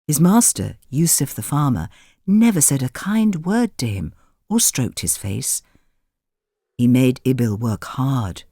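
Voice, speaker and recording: A man reading a children's storybook aloud in a gentle, expressive manner. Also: medium pitch, a little slow, dry recording, clean studio sound. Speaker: narrator. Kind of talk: storybook narration.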